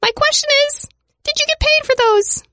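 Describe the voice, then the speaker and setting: A woman voicing her male pet dog as a cheeky, nosy talker in a high, squeaky put-on voice. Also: moderate pace, sharp tone, no echo, studio quality. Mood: teasing.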